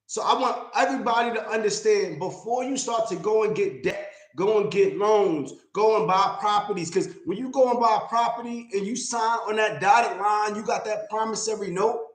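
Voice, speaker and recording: Blunt, emphatic man in an echoey room. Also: high voice. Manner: blunt, emphatic, repeats points. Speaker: real estate investor and mentor. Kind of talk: livestream talk.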